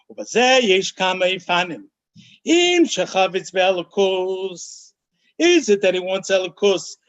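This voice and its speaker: A rabbi with a fairly high-pitched voice gives a Torah study lecture, animated and emphatic. He slows down to lean on key phrases and mixes in Hebrew and Yiddish terms as he explains. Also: lo-fi sound. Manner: animated, emphatic teaching, often slowing to stress key phrases. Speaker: rabbi teaching a class.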